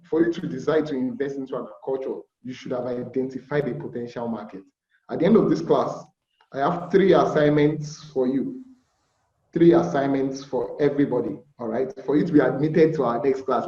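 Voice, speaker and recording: A mellow, mid-range male voice belongs to a Nigerian aquaculture instructor chatting through an informal fish farming class. Over muffled, echoey call audio, he keeps asking "all right?" and dramatizes dialogues with buyers.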